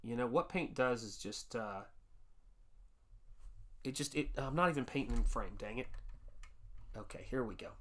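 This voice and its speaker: A man's voice: mid-range voice, animated, moderate pace, long pauses, fairly bright tone. Chatty middle-aged man painting live. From United States. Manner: rambling, restarts, reads chat aloud, chummy. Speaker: livestream host painting and chatting. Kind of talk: casual live-stream chat while painting.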